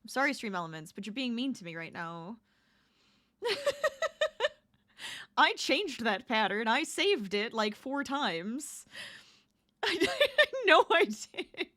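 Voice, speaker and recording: A woman's voice: on the high side, very animated, slow, long pauses, bright, forceful tone. A woman crafting live on stream, chatting casually with her viewers, greeting them and laughing often. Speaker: crafting livestreamer.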